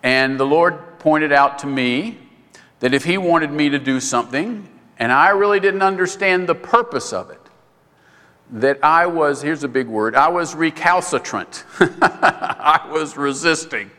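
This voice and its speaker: Bright-voiced man preaching in a reverberant hall. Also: a little slow. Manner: conversational preaching, pitch jumps high for quoted voices. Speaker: pastor. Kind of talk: sermon.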